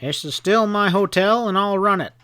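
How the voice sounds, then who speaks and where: A man voicing a hot-tempered middle-aged hotel owner in a western audiobook, gruff and blustering. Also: fairly high pitch, moderate pace, a bit bright, no echo, lightly acted. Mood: contemptuous.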